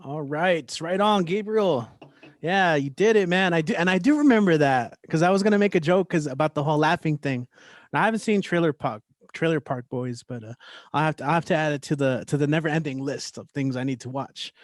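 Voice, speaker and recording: A man hosting an online open mic, chatting in a relaxed, rambling way. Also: fairly high pitch, brisk, no room sound. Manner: relaxed, friendly, rambling with restarts. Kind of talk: casual hosting chat. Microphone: video call.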